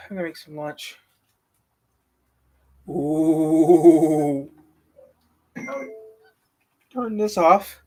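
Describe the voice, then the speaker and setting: A woman's voice: fairly low pitch, warm tone. A woman vlogging at home, rambling and thinking aloud while talking to herself and her cat. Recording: distant mic with faint noise.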